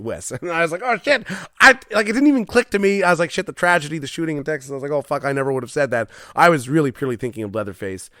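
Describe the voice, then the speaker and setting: A man's voice: on the high side, bright, forceful tone, no room sound, studio quality. A man hosting a solo comedy podcast from his garage, rambling, self-deprecating and swearing often. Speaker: podcast host. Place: home garage.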